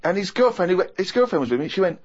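A man, hosting a podcast, telling a comic anecdote in an animated, exasperated, self-mocking way. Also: sits high, racing, breathy edge, muffled recording.

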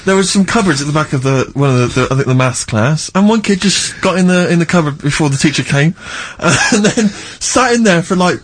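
Man co-host, quick, husky, rambling anecdotes. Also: fairly high pitch, expressive. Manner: rambling, many restarts. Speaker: podcast co-host. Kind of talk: casual chat.

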